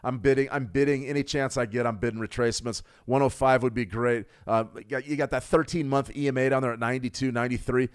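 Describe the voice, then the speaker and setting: Man, livestream trading host, energetic, repeats himself for emphasis, chatty replies to viewers. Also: mid-range voice, quick pace, few pauses, clean tone. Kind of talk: live market commentary and chat replies.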